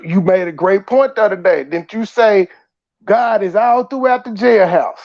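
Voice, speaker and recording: A man hosting a casual livestream, ranting in animated, profane bursts and laughing at himself. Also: sits high, normal speed, highs cut off. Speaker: host.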